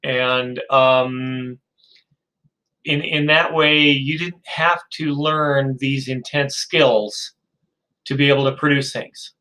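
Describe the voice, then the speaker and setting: Slow-talking man lecturing, bright voice. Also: mid-range voice, poor audio. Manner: relaxed, hesitant, with many fillers. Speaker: professor. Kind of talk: recorded lecture with storytelling.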